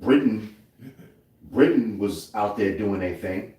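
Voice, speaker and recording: A man's voice: on the low side, animated, slow pace, mellow. Male Bible class teacher, easygoing preacher talk, distant mic, big room echo. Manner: conversational preaching, repeats "you see what I'm saying". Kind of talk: live Bible class discussion. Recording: echoey room from far off.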